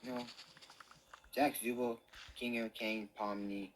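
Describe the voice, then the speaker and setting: A man's voice: mid-range voice, little pitch movement, takes it slowly, slight background noise, rough recording. A young man chatting casually with a friend, hesitantly listing his favorite characters. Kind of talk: casual fan chat.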